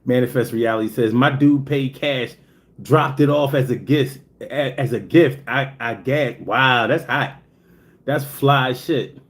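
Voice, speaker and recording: A man hosting a casual livestream, reading chat and telling joking, profane stories. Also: unhurried. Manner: animated, swings high when telling stories.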